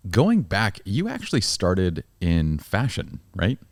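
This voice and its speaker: A man's voice: low voice, huge pitch swings, takes it slowly, darkish tone, no echo, studio quality. A man hosting a podcast interview, chatting casually with joking, teasing banter. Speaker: podcast host.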